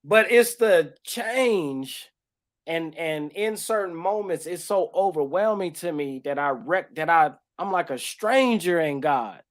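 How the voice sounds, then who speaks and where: A man tells his faith story on a podcast. He talks with raw passion, rising loud and then dropping soft, with tears and laughter breaking through. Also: fairly high pitch, lively intonation, measured pace. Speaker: podcast co-host. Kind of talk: emotional faith testimony in casual talk.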